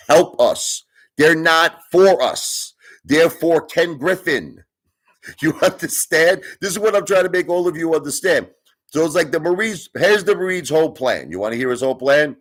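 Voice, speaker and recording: A man hosting his own channel, ranting at his viewers in a casual way, emphatic and argumentative, often asking "you understand?". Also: mid-range voice. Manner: argumentative, speeds up and slows down for emphasis. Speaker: channel host. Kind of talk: casual opinion rant to viewers.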